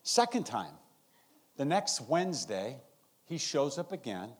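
A man's voice: medium pitch, unhurried, a little hiss or hum. A man and guest pastor preaching a sermon in a church service, acting out his stories. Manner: animated storytelling, acting out scenes.

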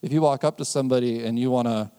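Mellow-voiced man preaching in a reverberant hall. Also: mid-range voice, fairly even intonation, quick pace, clean tone. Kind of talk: conversational sermon with personal stories.

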